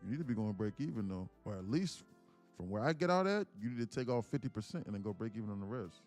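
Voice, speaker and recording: A man hosts a live day-trading stream in a lively, fast voice that leaps up and down in pitch, with faint music behind him. He speaks in casual, slangy street style, preaching and firing rhetorical questions at viewers.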